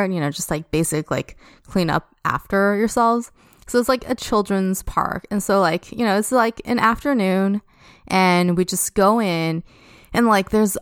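Chatty young woman, smooth dry voice. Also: on the low side, dry recording. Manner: chatty, heavy use of "like" as a filler. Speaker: podcast guest. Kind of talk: casual storytelling.

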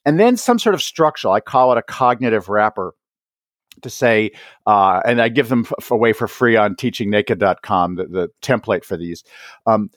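Animated man explaining with lively pitch. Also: normal speed, no room sound, clean studio sound. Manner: animated, acts out quoted voices, frequent "right?" tags. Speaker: author and education guest. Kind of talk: conversational podcast interview.

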